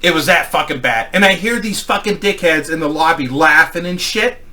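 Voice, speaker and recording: A middle-aged man spins a crude personal story, cursing constantly and rambling through restarts. His voice sits a little high and comes out bright and forceful. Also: moderate pace. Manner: profane, rambling, animated storytelling with acted quotes. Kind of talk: crude casual anecdote.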